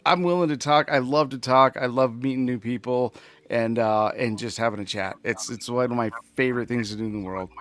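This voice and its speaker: A man guesting on a live podcast, excitedly rambling with lots of ums and restarts. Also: medium pitch, brisk. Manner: excited, rambling, full of fillers. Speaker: guest, co-host of another show.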